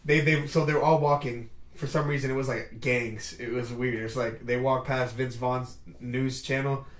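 A young man hosting a casual podcast chat, excitable and laughing often, quoting movie lines in put-on voices. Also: mid-range voice, normal speed. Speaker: podcast host. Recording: echoey room.

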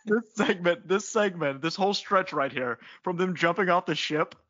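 A man with a bright, forceful voice talks through a movie's plot with a friend, laughing often and slipping into quick character voices. The sound is dry and somewhat dull, like a lo-fi recording. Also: high-pitched, no room sound. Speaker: podcast co-host. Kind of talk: casual movie recap chat.

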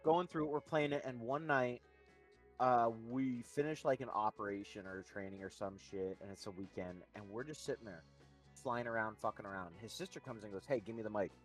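A man's voice: fairly low pitch, steady tone, brisk, faint music behind. A young man casually telling a long story on a podcast, rambling and swearing as he acts out other people's lines. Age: young adult. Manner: rambling, swearing, mimics voices in quotes. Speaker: podcast co-host.

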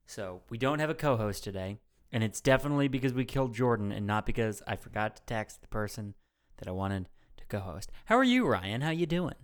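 Brief: male podcast host, smooth clear voice, brash jokey banter, cusses a lot. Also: fairly low pitch, very animated, fairly quick. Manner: brash, joking, swears freely.

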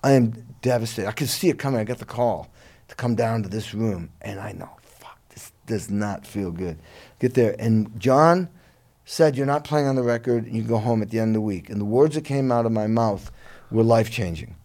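A middle-aged musician telling his career story in a relaxed interview, lively and a bit profane, laughing along. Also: medium pitch, fairly quick. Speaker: guest musician.

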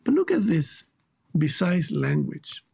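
A man's voice: on the high side, wildly swooping pitch, slow, gravelly, mellow, husky. A man with a Chilean Spanish accent, a guest teacher speaking reflectively and emphatically in an interview, often repeating words for stress.

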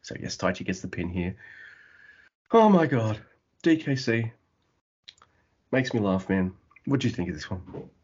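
Animated husky man, lo-fi podcast. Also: lowish voice, measured pace, long pauses. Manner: animated, mimics wrestlers with loud yelps and laughs. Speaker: podcast co-host. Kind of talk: casual wrestling recap chat.

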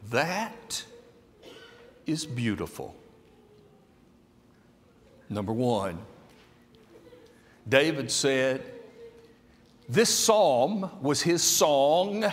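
A man preaching a sermon at a very slow, measured pace, his pitch leaping around with lively emphasis. His voice sits a little high for a man and rings with a long hall reverb. He swings from hushed, low phrases to loud, emphatic peaks.

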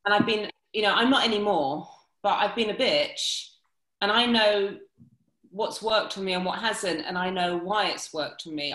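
Animated woman in a roomy room. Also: on the low side. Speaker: dating coach. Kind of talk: casual podcast conversation.

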